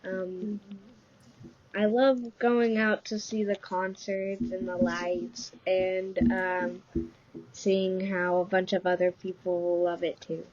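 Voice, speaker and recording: A woman's voice: mid-range voice, little pitch movement, slow, dull audio, crowd noise. A woman speaking on a podcast, giving short, hesitant answers full of ums. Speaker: podcast guest. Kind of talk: casual interview chat.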